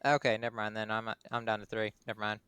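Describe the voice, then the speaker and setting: Easygoing male player, smooth resonant voice, dry close sound. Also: lowish voice, level tone, fast, bright, forceful tone, no echo. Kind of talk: casual gaming chat.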